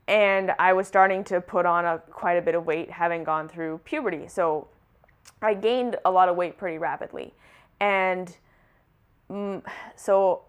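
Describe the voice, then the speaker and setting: A young adult woman, a wellness vlogger, tells her personal story to the camera in a lowish, smooth voice. She is candid and conversational, with plenty of casual fillers.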